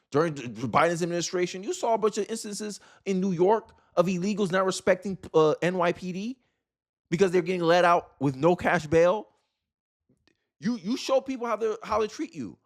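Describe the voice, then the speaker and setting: A man's voice: a little high, animated, a little fast. Man ranting in heated political commentary. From Florida. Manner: casual slang.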